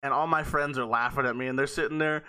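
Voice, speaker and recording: A man's voice: medium pitch, fairly even intonation, fast, bright, forceful tone, clean tone. A man hosting a podcast, telling a rambling, profane story in casual talk and often laughing mid-sentence. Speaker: podcast host.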